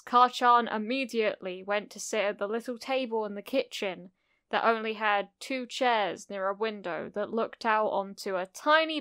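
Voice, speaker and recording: A woman narrating a cozy fan fiction audiobook in a gentle, unhurried storytelling manner. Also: mid-range voice, clean tone, no echo, studio quality.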